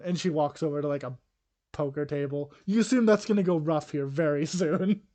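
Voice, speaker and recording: A man's voice: fairly high pitch, fairly quick, dark tone. A man narrating as game master in a tabletop game, casual and swearing freely.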